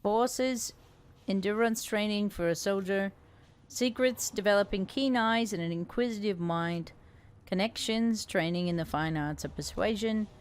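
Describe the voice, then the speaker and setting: A woman's voice: medium pitch, measured pace, smooth. A female streamer giving chatty, casual commentary while playing, reading out viewer names. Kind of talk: casual let's-play commentary.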